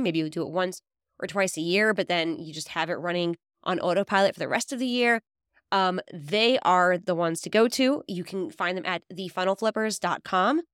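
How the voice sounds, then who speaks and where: A woman's voice: lowish voice, a bit bright, clean tone, no room sound, studio quality. A woman podcast host giving a conversational promotional outro for her coaching program.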